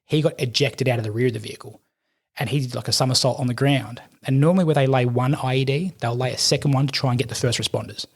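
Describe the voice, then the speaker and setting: Husky Australian man telling a war story. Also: medium pitch, quick pace. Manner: animated, swears, acts out quotes. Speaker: podcast guest, army veteran. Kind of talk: casual storytelling.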